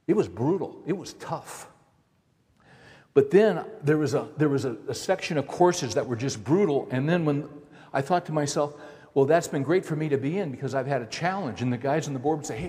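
A middle-aged male pastor tells a story from the pulpit in an easy, conversational way. His voice sits a little high for a man and rings out with the long reverb of a big hall. He keeps it personal and chatty. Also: fairly quick. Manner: conversational, acts out quoted dialogue with lively shifts. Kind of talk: storytelling sermon.

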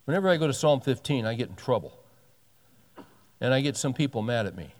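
A pastor in his sixties preaches animatedly and fairly quickly at medium pitch. He reads scripture and interrupts with folksy jokes, while a long hall reverb trails his voice.

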